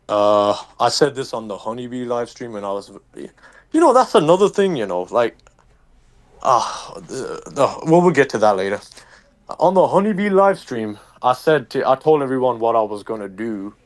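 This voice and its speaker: A man's voice: medium pitch, expressive, moderate pace. Profane ranting young man with Birmingham accent. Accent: Birmingham English. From England. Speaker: streamer, guest. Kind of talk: casual interview.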